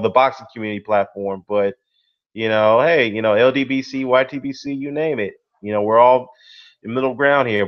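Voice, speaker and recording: Man, boxing stream host, casual chatty commentary, fillers everywhere, mid-pitched, dull lo-fi audio. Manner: rambling, many "you know" and "man" fillers; reads and greets live chat. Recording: dull lo-fi sound.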